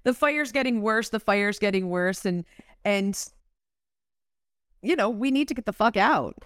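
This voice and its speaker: A woman's voice: mid-range voice, lively intonation, unhurried, a bit bright, dry recording, clean studio sound. A woman co-hosting a podcast, chatting casually and animatedly about a book and reading passages aloud. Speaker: podcast co-host.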